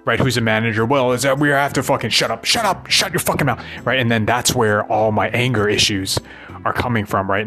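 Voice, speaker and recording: A man with a lowish, fairly bright voice vents in a rambling, ranting monologue. He swears often and keeps tagging his thoughts with questions to the listener, especially "right?"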